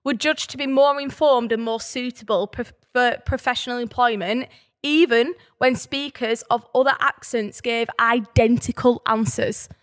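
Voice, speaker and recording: A woman's voice: fairly high pitch, normal speed. A woman in her thirties with a Burnley accent, co-hosting a casual podcast chat and telling stories with energy. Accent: Burnley, Lancashire. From Burnley, England. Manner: animated storyteller, reads out facts. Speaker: podcast co-host. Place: indoors on a sofa.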